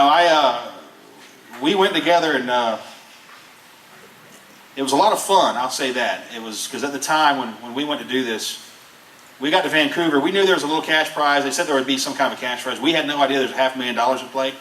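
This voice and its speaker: A man with a bright, forceful voice spins his anecdotes in a loose, chatty way, laughing often as he goes. He is picked up from a distance in an echoey room with a little noise underneath. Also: mid-range voice, a little fast. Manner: animated, laughing through anecdotes. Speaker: guest recounting a survival show. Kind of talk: casual storytelling.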